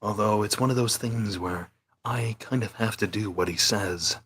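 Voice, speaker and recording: A man's voice: on the low side, normal speed, fairly bright tone, lightly acted. A man voicing a brooding, stoic male cartoon hedgehog antihero who talks formally and stiffly in a fan role-play Q&A.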